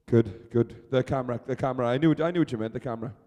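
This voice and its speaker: A man giving brisk, chatty live commentary as the arena announcer, urging officials along and calling the race. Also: medium pitch, mellow, big-room sound. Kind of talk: live sports commentary over a public address.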